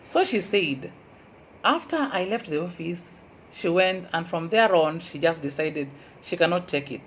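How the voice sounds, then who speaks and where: A woman with a Kenyan Luo accent, a university lecturer giving an earnest motivational talk and repeating key advice slowly for emphasis. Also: lowish voice, lively intonation, a little hiss or hum, rough recording.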